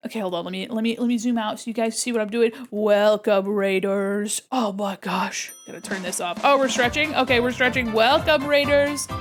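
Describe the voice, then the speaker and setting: A woman's voice: fairly high pitch, steady tone, normal speed, hardly any pauses, soft background music. An American woman streamer and illustrator, chatting casually and bubbly with her viewers while she draws. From United States. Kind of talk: casual live-stream chat while drawing.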